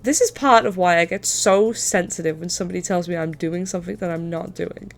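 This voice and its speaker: A woman's voice: on the low side, a little fast, creaky, soft background music. A young adult woman streamer telling a story in casual chat, swearing freely and laughing as she talks. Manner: chatty, swears, laughs through her story.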